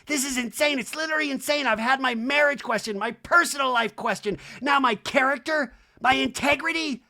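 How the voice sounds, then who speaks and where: Guy doing a fed-up reality star lady, higher voice, cranky and dramatic. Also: brisk, creaky, sharp tone, heavily acted. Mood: indignant. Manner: indignant, raised and exasperated. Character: exasperated woman reality star, indignant.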